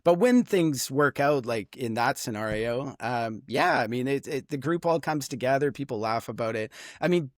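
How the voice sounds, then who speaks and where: A Canadian man recounting travel anecdotes in a relaxed, chatty way, full of "like" and "you know." His voice sits at a middle pitch and sounds dry and close, with no room around it. He gets lively when he quotes people. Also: moderate pace, hardly any pauses, dry recording. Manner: animated, chatty, lots of fillers. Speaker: guest, former tour leader. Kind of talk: casual interview storytelling.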